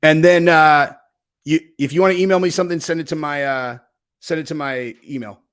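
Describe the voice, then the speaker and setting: A man's voice: on the high side, brisk, clean tone. A man hosting his own channel, casually telling a story with lots of swearing and acted-out quoted dialogue. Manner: profane, animated, acts out quoted dialogue. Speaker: host.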